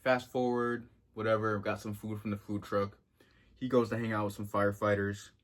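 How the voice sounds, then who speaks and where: A young man in his twenties with a fairly low voice, chatting in a loose vlog style. He talks in slang and gets excitable, and his pitch jumps up when something catches his attention. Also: moderate pace. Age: 20s. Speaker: vintage clothing vlogger. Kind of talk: casual vlog talk.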